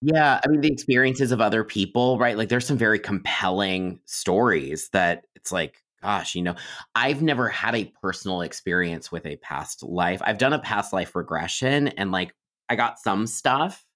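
A man with a very deep, low-pitched voice talks as a guest on a podcast. He tells stories in a loose, chatty way, stacking up asides and fillers as he goes. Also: animated, moderate pace. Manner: chatty, many fillers and restarts, warm storytelling. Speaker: psychic medium guest. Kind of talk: casual podcast interview storytelling.

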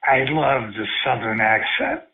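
A man's voice: medium pitch, wildly swooping pitch, measured pace, gravelly, background noise. A man making crude prank phone calls, rambling, stammering and talking lewdly. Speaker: prank caller. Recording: tinny phone line.

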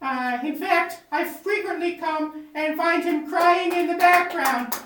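A bumbling, boastful male candidate with a shrill, squeaky voice. He rambles and brags in improvised comedy style. The sound is roomy and echoing, picked up from well away from the mic. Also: slow, background noise. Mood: gloating. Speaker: candidate at a press event. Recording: echoey room, distant mic.

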